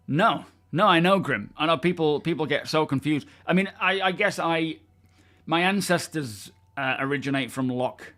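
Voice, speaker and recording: A man's voice: a little high, fairly bright tone. Chatty English man hosting a livestream. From England. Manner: chatty, answers chat viewers by name, laughs often. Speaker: livestream host. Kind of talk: casual live-stream chat.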